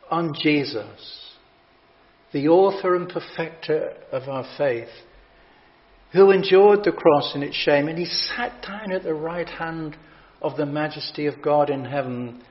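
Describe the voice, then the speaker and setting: A man preaching a sermon, reading scripture with emphatic, measured delivery and dramatic pauses. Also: fairly high pitch. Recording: dull lo-fi sound.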